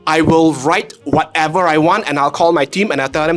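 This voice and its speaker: Malaysian man, animated storyteller, slightly high voice. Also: brisk, few pauses, faint music behind. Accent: Malaysian English. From Penang, Malaysia. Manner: animated storytelling with frequent "lah" tags and self-deprecating jokes. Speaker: content creator, panel guest. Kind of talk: casual panel talk.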